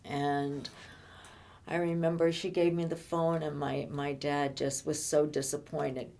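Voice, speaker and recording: An older woman telling her own life story in conversation, halting and often repeating words as she restarts. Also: deep voice, level tone, vocal fry, a little mellow, slight background noise. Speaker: interviewee.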